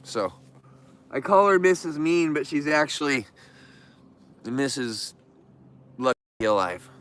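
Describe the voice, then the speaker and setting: Guy rambling to his camera, emotional and earnest, kinda high smooth voice. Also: animated, slow pace, fairly bright tone. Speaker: vlogger who keeps bears. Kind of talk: casual talk to camera.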